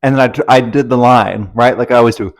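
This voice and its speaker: A man's voice: mid-range voice, fast talker. A young man telling a story to his camera at home in a casual vlog, rambling, anxious and swearing freely. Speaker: vlogger. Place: at home indoors.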